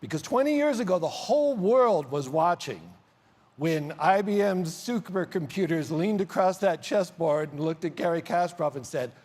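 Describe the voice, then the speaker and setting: Guy mc'ing a big conference, high voice that jumps all over, long echo off the hall. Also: moderate pace. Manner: animated storytelling with big swings in loudness. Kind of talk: onstage conference speech. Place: large conference hall stage. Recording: reverberant hall sound.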